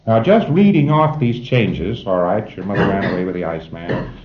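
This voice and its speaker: A man's voice: deep voice, expressive, moderate pace, reverberant, muffled recording. A man giving an informal lecture to a class of trainees, emphatic and wry, chuckling at his own jokes.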